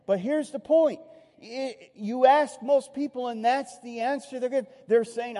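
A male pastor delivers a sermon in a high-pitched yet mellow voice. He is animated and acts out the voices he quotes, then sinks soft and low at solemn points. His words ring with a long hall reverb. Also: unhurried, creaky.

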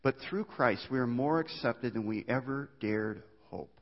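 A male pastor preaching a sermon in a lively way, often stumbling and restarting his words. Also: mid-range voice, unhurried. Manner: animated preaching with frequent stammered restarts. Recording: dull reverberant hall sound.

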